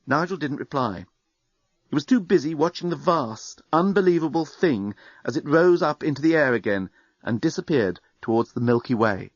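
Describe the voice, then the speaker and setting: A man narrating an audiobook with expressive storytelling. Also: fairly high pitch, normal speed, no room sound. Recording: dry, dull studio recording.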